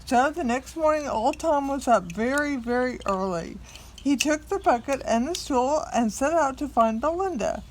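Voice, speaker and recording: A woman reading a picture book aloud to a small child, expressive and coaxing the child to join in. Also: high-pitched, moderate pace, a little hiss or hum.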